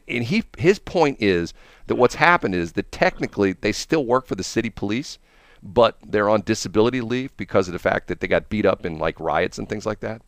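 A man's voice: on the low side, dry recording. A man telling casual stories as a host, rambling with frequent restarts and chuckles. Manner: rambling, laughs often, many restarts. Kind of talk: casual storytelling.

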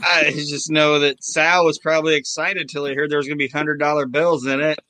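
A man's voice: fairly high pitch, level tone, fairly quick, sharp tone, dry recording. A man co-hosting a casual chat, tossing in joking asides. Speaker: podcast co-host.

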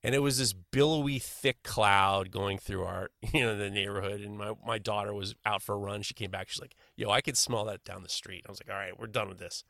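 A middle-aged man telling a long story in casual chat, animated and rambling, often stammering and restarting his sentences. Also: lowish voice, a little fast, hardly any pauses, no room sound, clean studio sound.

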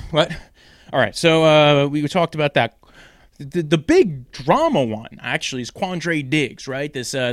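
A man's voice: a little high, fairly bright tone, dry recording, studio quality. Rambling young man talking football. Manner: rambling, jokey, with many fillers and tangents. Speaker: sports podcast host. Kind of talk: casual fantasy football talk.

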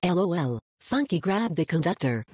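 A woman playing a sarcastic co-host who talks in a deadpan, insulting way. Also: lowish voice, moderate pace, noisy background. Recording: music behind the voice. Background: music.

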